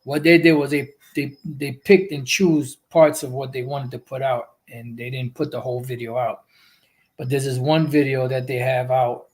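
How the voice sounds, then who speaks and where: A man's voice: medium pitch, little pitch movement, normal speed. A man preaching and teaching scripture in a rambling, repetitive way, with profane asides and many "you know" fillers. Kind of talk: livestream religious teaching.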